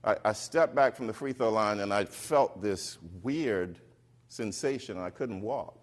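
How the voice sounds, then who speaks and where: A middle-aged man on stage telling a personal story to an audience, animated and acting out the voices of the people he quotes. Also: lowish voice, unhurried. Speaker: keynote speaker. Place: stage before a live audience.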